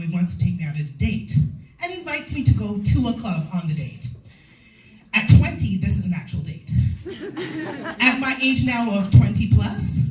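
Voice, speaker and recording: A young adult woman performing a stand-up comedy set, telling stories and acting out quotes. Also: medium pitch. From Canada. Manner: animated storytelling, acting out quotes. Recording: echoey room from far off.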